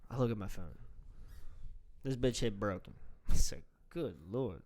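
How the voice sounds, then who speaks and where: A man's voice: fairly low pitch, moderate pace, darkish tone. A man co-hosting a podcast, telling crude jokey stories in casual banter, restarting his sentences often. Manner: rambling, jokey storytelling with many restarts. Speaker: podcast co-host.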